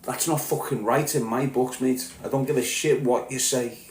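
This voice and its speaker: A man's voice: medium pitch, steady tone, normal speed, reverberant. Angry sweary Liverpool man ranting. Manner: heated, sweary, rising to shouting. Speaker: podcast host. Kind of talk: angry monologue rant.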